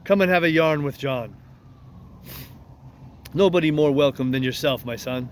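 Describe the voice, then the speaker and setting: A man's voice: a little high, normal speed, a little hiss or hum, lightly acted. A man playing a crafty old one-legged ship's cook, talking in a coaxing, folksy sailor's way in a storybook reading.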